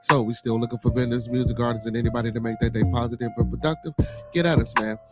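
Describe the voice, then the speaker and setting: A man's voice: mid-range voice, fairly even intonation, fast, over loud music. Laid-back Chicago man hosting a podcast. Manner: laid-back, repetitive shout-outs and fillers. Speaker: podcast host. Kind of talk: casual solo podcast chat.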